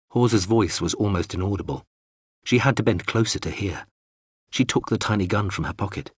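A man narrating an audiobook in a measured, expressive storytelling manner. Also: on the low side, husky, dry recording, studio quality.

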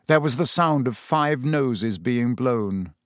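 A man reading a storybook as narrator, in a measured, even way. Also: medium pitch, no room sound, studio quality. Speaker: audiobook narrator.

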